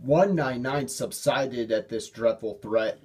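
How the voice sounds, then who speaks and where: A man narrating a children's storybook in a measured, expressive way. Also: medium pitch, slight background noise. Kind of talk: storybook reading.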